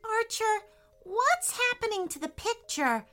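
A woman voicing an excited, eager little girl in a children's storybook, with squealing, breathless delight. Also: sits high, takes it slowly, soft background music, pitched above the performer's own voice, full character voice. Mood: alarmed.

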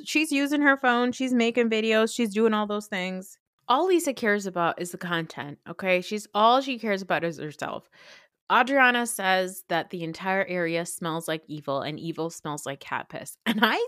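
Woman, podcast host, gossipy recap, animated, swears, dry close mic. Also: mid-range voice, no room sound. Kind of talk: casual reality-TV recap.

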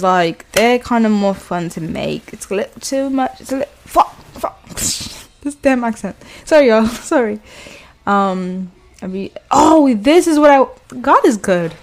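A woman hosting a casual music video reaction vlog, chatty and excitable, swearing and laughing as she talks. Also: medium pitch, moderate pace, slight background noise. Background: faint music playing.

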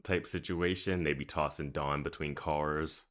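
Very deep-voiced chatty podcast man. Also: steady tone, measured pace, a bit bright. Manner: chatty, laughs often, quotes characters in a raised voice. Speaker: podcast co-host. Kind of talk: casual chat recapping a TV episode.

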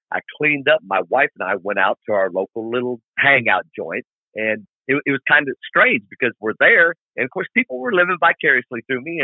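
A middle-aged man who is a guest on a podcast, telling his stories in an animated, colloquial way and acting out scenes, heard over a tinny, phone-like remote line. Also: mid-range voice, slightly rough, no room sound. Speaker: guest, long-distance motorcycle rider. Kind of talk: podcast interview storytelling.

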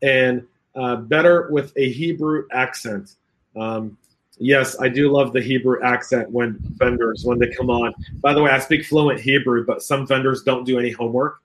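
A man's voice: medium pitch, steady tone, moderate pace, a bit bright. Guy hosting a casual panel stream, jokey, laughs a lot, says um constantly. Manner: jokey, laughs often, many fillers. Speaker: podcast host reading chat comments.

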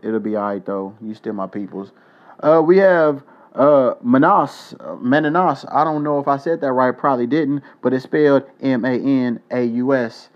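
Young male podcast host, loose and profane delivery, medium pitch, muffled home recording. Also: normal speed. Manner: loose, joking, profane shout-outs. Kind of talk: casual solo podcast.

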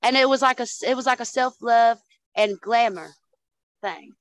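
A woman's voice: a little high, moderate pace, no echo, poor audio. A woman guest in a casual chat, telling stories with lots of swearing and calling the listener "honey" and "dude". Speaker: podcast guest.

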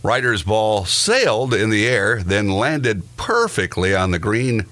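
Podcast co-host, male, very low voice, dry news-reading banter. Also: sing-song, a little slow, a bit bright. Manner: dry, laughs at his own asides. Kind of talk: casual chat, reading news items.

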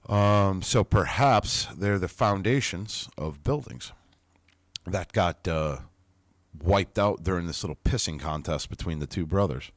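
Very low-voiced man, chatty asides. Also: a little slow, dry recording, clean studio sound. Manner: casual, chatty asides with mild swearing. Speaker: podcast host reading aloud. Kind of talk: reading a text with casual commentary.

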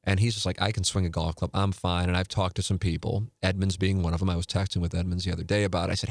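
Host, 40s, male: low gravel, rambling and blunt, casual chat. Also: flat delivery, fast, no room sound, studio quality. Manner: rambling, self-interrupting, candid and profane. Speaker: podcast host.

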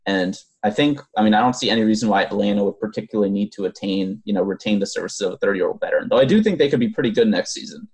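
A young man co-hosting a sports podcast, his voice a touch low and worn hoarse. He talks in a loose, rambling way, filling gaps with ums and circling back mid-sentence. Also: rapid-fire, few pauses, darkish tone. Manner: rambling, hesitant with fillers and restarts. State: losing his voice. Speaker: podcast co-host. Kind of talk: casual sports podcast chat.

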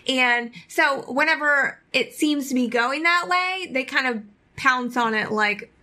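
A woman co-hosting a casual sports podcast, calm and reasoning, with light teasing. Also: high voice, measured pace. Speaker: podcast co-host.

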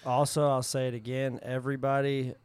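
Smooth-voiced man on a dry mic. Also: medium pitch, level tone, brisk, a little mellow, no room sound. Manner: earnest, repeats points for agreement. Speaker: podcast co-host. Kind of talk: casual chat.

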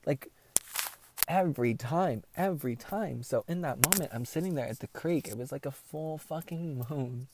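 A man's voice: fairly high pitch, normal speed, background noise. A young man hosting a podcast, telling a personal story in a candid, rambling way with lots of swearing and emotion. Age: young adult. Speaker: podcast host.

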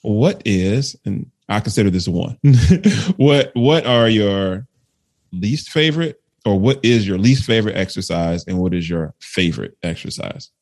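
Lower-voiced man hosting a relaxed interview. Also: a little slow. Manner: affirming, rambling, many fillers like "you know". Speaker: podcast host. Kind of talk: casual interview chat.

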